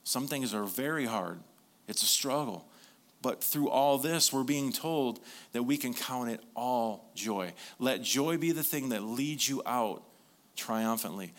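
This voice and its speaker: A man preaching a sermon in a conversational, storytelling way. His voice is bright and forward, at a middle pitch, and he swings from animated to soft, quiet emphasis. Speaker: pastor.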